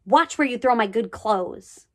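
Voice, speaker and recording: A woman voicing a rude, smelly new schoolboy who hisses insults in a slow drawl, in a storybook reading. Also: fairly high pitch, animated, a bit bright. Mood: snarling.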